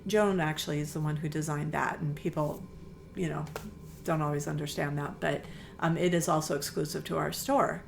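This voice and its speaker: A woman's voice: low voice, steady tone, moderate pace, creaky, a little hiss or hum. A middle-aged woman who owns a quilt shop, chatting enthusiastically in an interview and telling stories with many fillers. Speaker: quilt shop owner, guest. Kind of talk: casual interview conversation.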